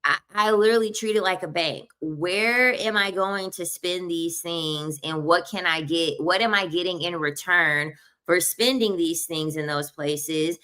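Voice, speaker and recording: A woman's voice: on the low side, a little slow, sharp tone, clear, resonant tone. A woman in her thirties giving blunt, emphatic opinions in a casual commentary, often repeating her points. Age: 30s. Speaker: online commentator.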